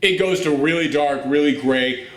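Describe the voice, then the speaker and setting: A man hosting a film review podcast at home, gushing and animated, often laughing as he talks. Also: on the high side, normal speed, echoey room. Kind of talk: excited casual film review chat. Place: room at home with a dog nearby.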